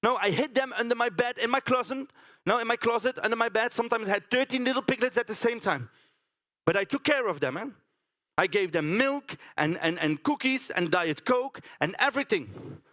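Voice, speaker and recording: A man's voice: extremely high pitch, animated, fairly quick, pushed and bright. A man performing a theatrical storytelling monologue on a conference stage, chatting to the audience with tag questions.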